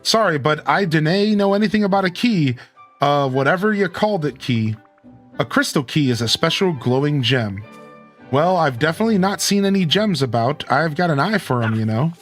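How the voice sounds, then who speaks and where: A man putting on a gruff Scottish old duck. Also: on the high side, expressive, moderate pace, a bit bright, soft background music. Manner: mock Scottish brogue.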